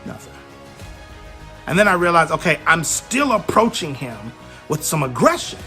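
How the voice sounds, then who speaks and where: An emphatic man in his forties delivers a motivational talk. His voice is high and bright and swings widely in pitch. He speaks with lively, storytelling energy. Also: normal speed, faint music behind. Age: 40s. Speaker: parenting speaker.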